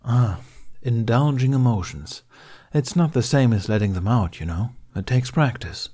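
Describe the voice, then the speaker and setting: A man doing calm patient Ben Kenobi. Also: medium pitch, normal speed, husky, pitched above the performer's own voice. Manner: calm, patient, gently amused. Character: calm older male mentor, patient, gently wry.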